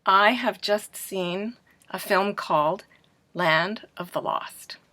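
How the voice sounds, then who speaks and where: A woman's voice: mid-range voice, sharp tone, slight background noise. A woman teaching a pronunciation lesson in a staged classroom, asking questions and answering them herself as if students replied. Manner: clear, deliberate teacher delivery.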